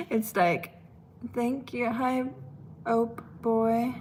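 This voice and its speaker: Here a German-accented woman from Germany rambles chattily to her chat while cooking at home on a live stream. She speaks very slowly in a fairly high, steady, slightly mellow voice, and there's a little hiss or hum in the audio.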